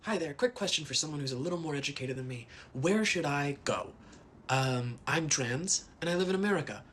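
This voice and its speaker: A man's voice: on the high side, lively intonation, fast, fairly bright tone, a little hiss or hum. A man asking an earnest, hesitant question in a casual vlog.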